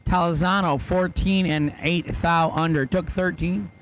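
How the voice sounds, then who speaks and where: Brisk joking race announcer man. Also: on the high side, steady tone, slight background noise. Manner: brisk, joking lane calls. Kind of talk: casual race calling.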